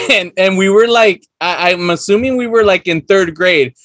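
A man's voice: high voice, moderate pace, fairly bright tone, no room sound. A young man hosting a podcast, telling rambling anecdotes in casual chat and laughing often. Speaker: podcast host.

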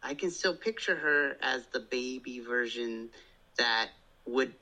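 A man in his thirties chatting casually as a podcast guest, an animated storyteller who slips into playful voices. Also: medium pitch, slow, low-quality recording.

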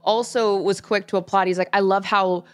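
A woman's voice: medium pitch, fairly even intonation, moderate pace, clear, resonant tone. A woman host chatting casually, reassuring and supportive. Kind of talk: casual chat.

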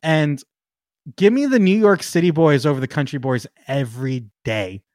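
Male podcast co-host, casual and excitable, slightly high voice, laughs easily, dry close recording. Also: normal speed, no echo. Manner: excitable, laughs often, trails off with ums. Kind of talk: casual chat.

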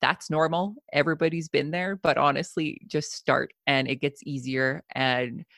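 A woman's voice: low-pitched, fairly even intonation, moderate pace, fairly bright tone, no room sound, studio quality. A Canadian woman from Southern Alberta, chatting casually as a podcast guest and laughing often. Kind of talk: casual interview chat.

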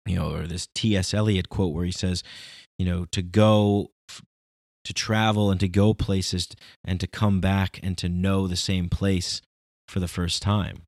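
Guy rambling about big ideas, lowish voice, dry close sound. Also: flat delivery, measured pace, a little mellow, dry recording. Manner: rambling, philosophical, emphatic. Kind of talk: casual reflective monologue.

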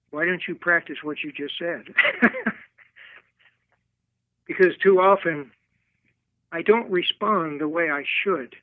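A man giving a slow, earnest preacherly talk, heard over a tinny phone line. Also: fairly high pitch, no room sound. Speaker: guest speaker.

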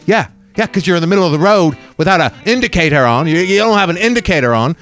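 A man's voice: high-pitched, animated, quick pace, fairly bright tone, faint music behind, voice pushed up. Man putting on a sneering Australian bloke. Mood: scolding. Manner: sneering, confrontational. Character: aggressive Australian man in a pickup truck.

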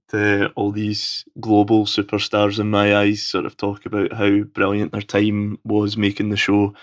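A Scottish man from Scotland leaving an enthusiastic, rambling call-in question for a podcast. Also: fairly low pitch. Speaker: caller. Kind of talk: recorded voicemail question.

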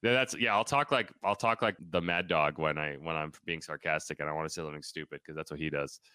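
Bright, crisp-voiced man joking on a podcast. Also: extremely low pitch, fast talker, no room sound. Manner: joking, sarcastic banter. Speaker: podcast co-host. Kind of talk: casual sports podcast chat.

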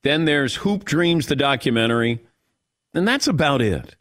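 Male radio host, casual and lively, close dry studio mic. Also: medium pitch, normal speed, no room sound. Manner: lively, laughs often, takes calls.

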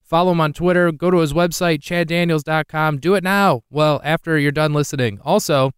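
A male podcast host with a clear, smooth voice reads an upbeat plug. His voice sits fairly high, and the sound is dry and close, with no room. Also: steady tone, fairly quick, no echo. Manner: upbeat, plugging a guest. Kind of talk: podcast promo read.

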